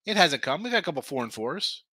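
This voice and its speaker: A man's voice: a little high, very animated, fast talker, bright, forceful tone, no echo. A man hosting a sports betting show, rambling in casual talk and often repeating himself.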